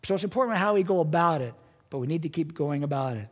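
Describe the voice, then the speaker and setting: A man's voice: a little high, lively intonation, fast talker. A man preaching a sermon as pastor, earnest and emphatic, with strong rises in his delivery. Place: church sanctuary. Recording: church hall with long reverb.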